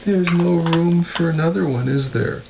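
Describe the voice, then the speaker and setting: A man's voice: on the high side, moderate pace, vocal fry, background noise. A man working as a speech clinician, who coaches a child and then explains the approach to a parent in a patient, encouraging way. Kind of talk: therapy session and parent counseling.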